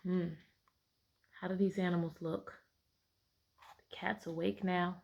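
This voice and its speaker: A woman teacher reading a picture book aloud to children, often stopping to ask questions and giving the narration bright storybook emphasis. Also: on the low side, little pitch movement, takes it slowly, gravelly, pauses often.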